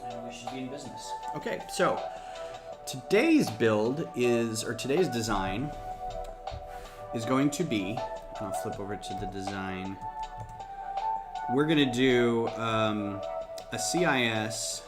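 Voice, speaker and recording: A man's voice: mid-range voice, animated, takes it slowly, pauses often. A man hosting a casual livestream, rambling and thinking aloud while he builds, a little farther from the mic than usual. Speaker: host of a LEGO design livestream. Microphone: desk mic, a bit farther off than usual. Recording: background music under the voice.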